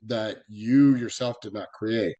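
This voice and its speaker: A man's voice: lowish voice, unhurried, mellow, dull audio. A man from the US West Coast, a guest expert giving practical copyright advice in a podcast interview, with many small fillers. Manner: earnest, practical, filler-laden explanations.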